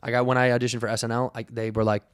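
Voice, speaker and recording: A man's voice: medium pitch, racing, clean tone, no room sound, studio quality. A male comedian chatting casually as a podcast guest, rambling and acting out bits. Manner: animated, rambling, acts out bits.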